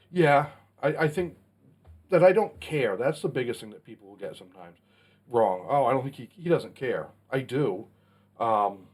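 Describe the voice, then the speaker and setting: A man in his forties hosting a casual Q&A vlog, talking in a blunt, plainspoken way with some mild swearing. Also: mid-range voice. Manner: blunt, plainspoken, mildly profane. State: has the hiccups. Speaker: channel host answering a Q&A.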